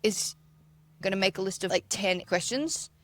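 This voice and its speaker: A woman co-hosting a podcast in casual chat, bubbly and quick to laugh. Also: medium pitch, lively intonation. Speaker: podcast co-host.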